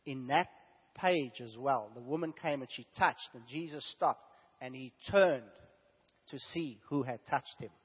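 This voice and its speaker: A man preaches a sermon in a husky voice, sick with a fever and sore throat. He drops to hushed asides, then rises to loud, emphatic exclamations. The sound is dull and lo-fi, with a long echo from a church hall. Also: medium pitch, a little slow. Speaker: pastor.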